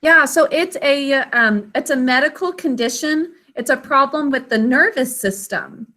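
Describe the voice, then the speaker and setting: A woman's voice: sits high, measured pace, sharp tone. A woman teaching an online spelling lesson to children over a video call, patient and careful as she sounds out words.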